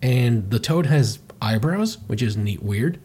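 Husky-voiced male podcast co-host. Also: medium pitch, animated, measured pace, warm tone. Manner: wry, joking recap. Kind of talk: casual podcast chat, recapping a comic.

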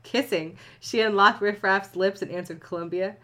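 Woman, casual reader, mid-pitched, breaks off for crude jokes. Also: steady tone, moderate pace, a bit bright. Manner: reads aloud, breaks off to joke and swear. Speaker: fan fiction reader. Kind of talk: casual comedic reading with banter.

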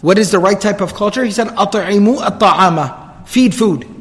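A man's voice: high voice, racing, a bit bright, big-room sound. A man giving a storytelling religious lecture, earnest and explanatory, repeating phrases for emphasis and reciting Arabic quotes fluently.

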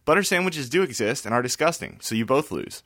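Guy reading out a fan review, wry, lots of pitch movement, dry mic. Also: lively intonation, fast, bright, forceful tone, no echo. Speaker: podcast regular. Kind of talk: reading a listener review aloud.

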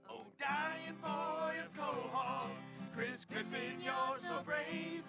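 A woman voicing an earnest hippie singing a slow ballad in a cartoon. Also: sits high. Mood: mournful. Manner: sung slowly over guitar. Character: earnest hippie singer at a candlelight vigil. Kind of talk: cartoon song.

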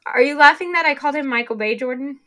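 A woman's voice: high-pitched, fast, bright, forceful tone. A young woman hosting a casual podcast, chatty with lots of fillers, running through a list of upcoming releases. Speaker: podcast host.

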